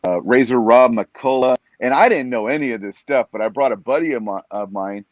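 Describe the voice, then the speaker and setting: A man who works as a fight announcer, a podcast guest telling stories in a casual, animated way and acting out what other people said. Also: mid-range voice, brisk, no echo. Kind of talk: casual storytelling in a podcast interview. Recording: dull, dry podcast audio.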